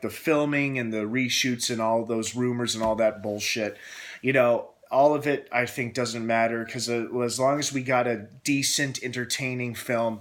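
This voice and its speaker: A young man hosting a casual film review, excitable and gushing, acting out scenes as he retells them. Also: medium pitch.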